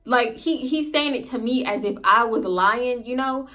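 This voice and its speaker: A woman in her twenties telling a dramatic storytime to her viewers, animated and loose with curse words. Her voice sits a little high and swings between loud disbelief and hushed asides. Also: moderate pace. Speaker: vlogger. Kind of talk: storytime narration.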